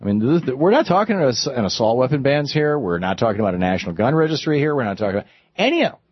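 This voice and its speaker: A man hosting a radio talk show, giving animated, conversational commentary with frequent restarts from a broadcast studio. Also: mid-range voice, rapid-fire, slight background noise. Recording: dull, dry studio broadcast.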